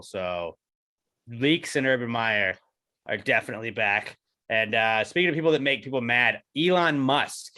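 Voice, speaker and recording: A man's voice: mid-range voice, pushed and bright. A man co-hosting a podcast, in casual banter that turns into profane, heated rants. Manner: profane, ranting, gets heated. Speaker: podcast co-host.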